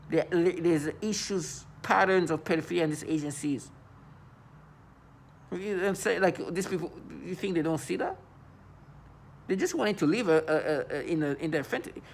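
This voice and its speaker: A man's voice: on the high side, normal speed, creaky, slight background noise. A man talking to the camera in an agitated monologue, often stammering and repeating words. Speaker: vlogger.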